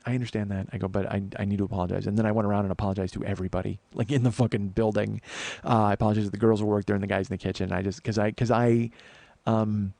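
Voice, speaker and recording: A man in his forties rattles through a personal story at a quick clip, swearing freely and voicing each person in it. The sound is dry and close, with no room around him. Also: lowish voice, gravelly, darkish tone, dry recording. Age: 40s. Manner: profane, heated retelling with acted-out quotes. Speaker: podcast host. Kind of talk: casual storytelling monologue.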